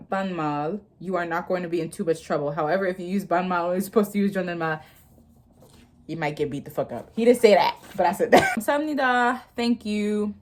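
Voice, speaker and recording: Young woman, lowish voice, casual vlog, swears a lot, laughs often. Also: a little mellow. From United States. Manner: swears casually, laughs often, reads lesson text aloud. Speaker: vlogger learning Korean.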